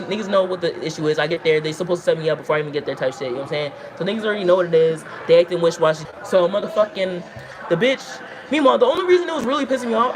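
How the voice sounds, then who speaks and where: A woman telling long, rambling, profane stories to her livestream chat, talking in an animated way. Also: on the low side. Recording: noisy background.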